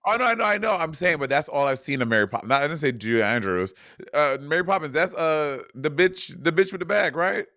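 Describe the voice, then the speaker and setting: Male podcast co-host, playful teasing chat, bouncy pitch, dry close sound. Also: sing-song, sharp tone, no room sound. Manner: playful, teasing, quick reactions. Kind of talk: casual recap chat.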